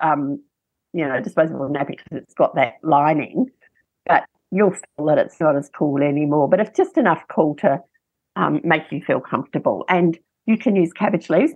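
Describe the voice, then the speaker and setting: A woman's voice: deep voice, lively intonation, normal speed, husky, no echo, lo-fi sound. A woman, a breastfeeding expert giving chatty, practical advice and telling anecdotes in an interview. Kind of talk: casual interview chat.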